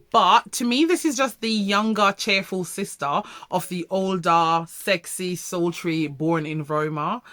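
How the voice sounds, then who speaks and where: Bright-voiced woman reviewing perfumes. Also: on the low side, no echo. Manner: animated, emphatic, repeats for emphasis. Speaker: fragrance reviewer.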